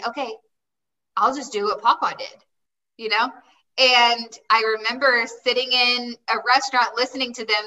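A woman's voice: fairly high pitch, bright, forceful tone, recorded from a distance, low-quality recording. A woman guest telling her life story in a chatty way, often quoting herself and saying "like". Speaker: interview guest. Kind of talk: personal storytelling.

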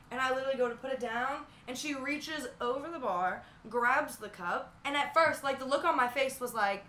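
High bright-voiced woman bartender, swears a lot, acts out customers, echoey room. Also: brisk, hardly any pauses, slight background noise. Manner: loud, profane, acts out customers. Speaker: podcast co-host, bartender. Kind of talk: casual chat.

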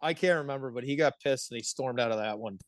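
A man in his thirties from the Pittsburgh area, a hockey player telling animated stories as a podcast guest, laughing often and swearing freely. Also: mid-range voice, quick pace, dry recording. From Pittsburgh area, United States. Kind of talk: casual podcast storytelling.

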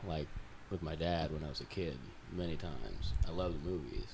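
A man in his thirties, a podcast guest, talking in a hesitant, low-key way. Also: normal speed, vocal fry, darkish tone. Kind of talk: casual interview chat.

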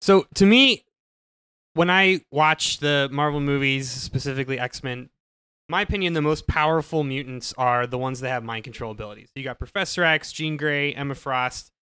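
Podcast guy with a bright crisp voice, super dry sound, eager and rambly. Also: medium pitch, normal speed, dry recording. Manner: enthusiastic, explains his pick with many restarts. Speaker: podcast co-host. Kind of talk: casual chat.

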